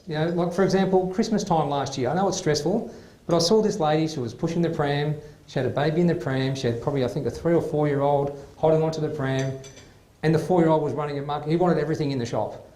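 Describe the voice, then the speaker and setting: A man's voice: a little high, quick pace, mellow. A man, hosting a live comedy show in a club and telling stories in a chatty manner, laughing through the punchlines. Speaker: host. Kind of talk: stand-up comedy monologue. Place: club venue before a live audience. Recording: echoey club room.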